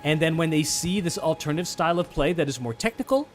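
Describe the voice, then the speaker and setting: A man hosting a let's play, chatting casually about the game he plays, excitable, swearing and restarting his sentences. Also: on the high side, fast talker, slight background noise. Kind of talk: casual gameplay chat.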